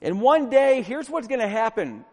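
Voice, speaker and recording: A man's voice: very high-pitched, sing-song, normal speed, a little mellow. A middle-aged man preaching a fervent, emphatic sermon as pastor, hammering points home with repetition. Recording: long reverb from a large room.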